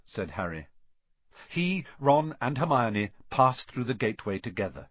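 Man narrating an audiobook with lively phrasing. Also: mid-range voice, normal speed, breathy edge, dry recording. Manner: expressive storytelling with lively phrasing. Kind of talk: scripted narration. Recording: dry, slightly dull studio audio.

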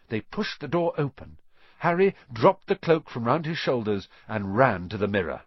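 A man narrating a story in an expressive reading voice, dropping to a hush at quiet moments. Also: medium pitch, moderate pace, no echo, highs cut off. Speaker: audiobook narrator.

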